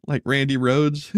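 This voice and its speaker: A man hosts a morning news commentary show and keeps breaking into giggles as he teases the stories. His pitch leaps up and down while he talks slowly. The sound is dry and close. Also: a little mellow, no room sound. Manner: laughs often, giggly and teasing. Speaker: host.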